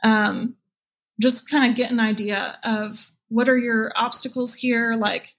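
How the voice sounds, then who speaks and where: An earnest woman answers an interviewer's questions in a reflective, open way. Her voice sits a little high. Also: fairly even intonation, measured pace, a bit bright. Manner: earnest, reflective, quotes her own past thoughts. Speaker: guest, birth mother and support group leader.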